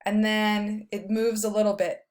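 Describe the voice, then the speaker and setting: A woman's voice: medium pitch, little pitch movement. A woman professor giving a recorded lecture over slides, explaining in a casual way with frequent fillers. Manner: reads verse slowly, stressing each beat.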